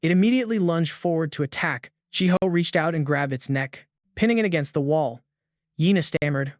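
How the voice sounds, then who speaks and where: A man narrating a scripted comic recap in a steady storytelling voice. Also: a little high, normal speed, dry recording, studio quality.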